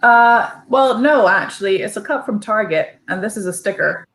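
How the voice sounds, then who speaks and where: A woman's voice: medium pitch, lively intonation, normal speed, background noise. A woman from Barbados with a Barbadian accent, a guest chatting casually and explaining things with spoken examples. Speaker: guest, former Olympic swimmer. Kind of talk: casual chat.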